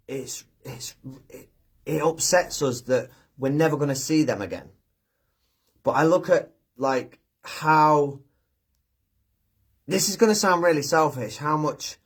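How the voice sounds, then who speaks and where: This is a man chatting on a live stream, with a voice of ordinary middle pitch. He talks gently and sincerely, with lots of "um"s and restarted phrases. Now and then he reads viewer messages aloud. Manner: gentle, heartfelt, halting with many fillers and restarts. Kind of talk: casual live chat, reading viewer comments.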